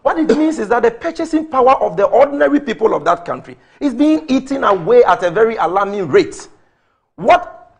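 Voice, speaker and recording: Speaking with a high pitch and vocal fry, a man with a Ghanaian English accent argues politics as a commentator on a talk show. He fires off rhetorical questions and figures one after another.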